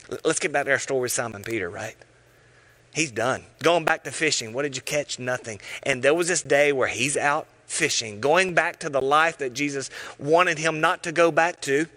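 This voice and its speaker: A man preaching a sermon, telling stories with animated voices and sometimes dropping to a hush. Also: a little high. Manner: animated storytelling, acting out voices, dropping to hushed tones. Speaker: pastor.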